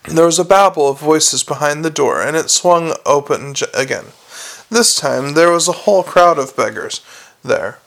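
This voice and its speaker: A man reads a novel aloud in a wry, steady way, stumbling now and then. His voice sits a little high with plenty of gravelly fry. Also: normal speed. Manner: wry, steady reading with small slips. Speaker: audiobook narrator.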